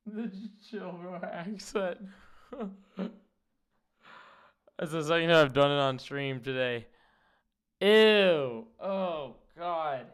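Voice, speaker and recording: A man's voice: a little high, fairly bright tone. A young man streaming live, reacting to videos with profane, disgusted outbursts and casual chatter.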